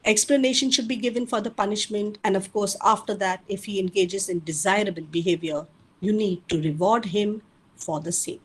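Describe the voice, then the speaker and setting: A woman's voice: mid-range voice, moderate pace, husky, low-quality recording. A woman giving an earnest webinar lecture with advice for parents. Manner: earnest, advising, addresses parents directly. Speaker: parenting speaker.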